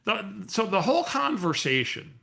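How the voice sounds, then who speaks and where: A man leading a coaching webinar, telling a story in an animated, restarting way. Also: high voice, moderate pace, creaky. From San Antonio area, US. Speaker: real estate coach. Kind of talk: webinar training talk.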